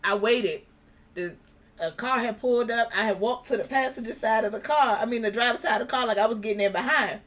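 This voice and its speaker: A young woman with a fairly quick, rather high voice is a guest in an interview. She tells a personal story casually and with animation, acting out what people said.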